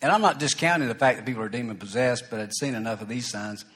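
A man's voice: medium pitch, quick pace, a bit bright, breathy edge. A man preaching a sermon as pastor, telling a personal story in a folksy, conversational way with small asides. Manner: folksy, conversational, breaks into acted quotes and asides.

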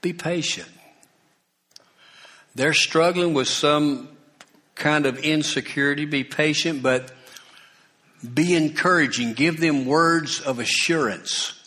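A man's voice: fairly high pitch, slow, long pauses, bright, forceful tone. A man preaching a sermon in a conversational way, with asides to the congregation and repeated exhortations. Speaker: pastor.

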